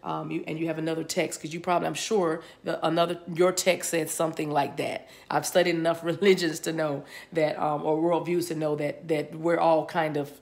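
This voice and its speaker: A woman's voice: low voice, level tone, brisk, gravelly, few pauses, a little mellow. A woman giving a rambling, channeled spiritual reading, often repeating words as they come to her. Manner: rambling, repeats words as she receives them. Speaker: spiritual reader. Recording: spiritual reading recorded for a video.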